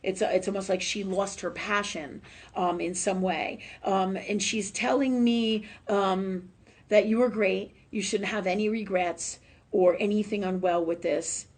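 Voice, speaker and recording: A woman hosting a live psychic reading, chatty and emotional, laughing often and filling pauses with "um". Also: mid-range voice, fairly even intonation. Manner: warm, chatty, laughs often, many fillers. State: tearful at times. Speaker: psychic medium host.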